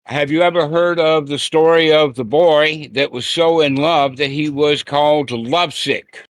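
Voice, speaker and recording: A man gives a Buddhist teaching talk over an online group call. He speaks slowly and plainly, in a folksy way, with his pitch sitting a little high. The recording is dry, with no room sound. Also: steady tone, no room sound. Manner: plain-spoken, folksy, acts out quoted lines.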